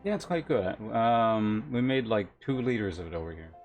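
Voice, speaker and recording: A man streaming a game and chatting casually, relaxed and rambling, often trailing off. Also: lowish voice, normal speed, narrow, tinny audio, faint music behind. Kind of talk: casual let's-play commentary.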